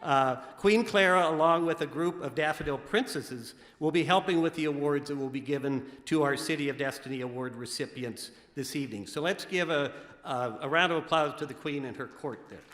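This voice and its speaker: A man's voice: fairly high pitch, brisk, few pauses. Joking male emcee in a large echoey theater. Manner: relaxed, joking, with frequent fillers. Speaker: master of ceremonies. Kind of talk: emceeing an awards ceremony. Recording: echoey theater with a crowd behind.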